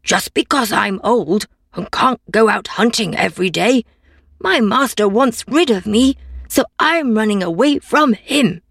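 A woman's voice: fairly high pitch, animated, measured pace, fairly bright tone, slightly rough, no echo, studio quality, full character voice. A woman doing a weary old hound. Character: tired old male hound.

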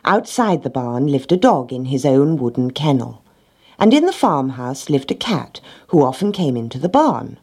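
A woman reading a children's storybook aloud in a gentle, measured way. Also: rumbling low, sing-song, husky.

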